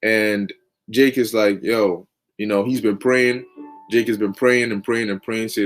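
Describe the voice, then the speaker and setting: A man's voice: on the low side, fairly even intonation, unhurried, faint music behind. Man telling a preaching story, casual. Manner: conversational, lots of fillers and restarts, slang.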